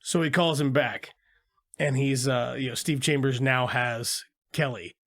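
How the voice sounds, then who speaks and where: Swearing, fast-talking podcast man. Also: medium pitch, fairly bright tone. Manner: retells scenes with quick acted-out quotes, swears freely. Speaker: podcast co-host. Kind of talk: casual movie recap chat.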